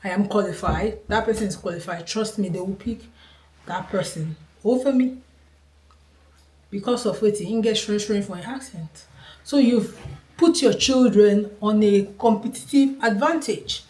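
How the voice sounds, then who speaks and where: In a medium-pitched, somewhat mellow voice at a moderate pace, a vlogger from Nigeria offers her opinion to camera. Her Nigerian accent comes through as she speaks earnestly and emphatically, repeating herself for emphasis, with roomy echo around her.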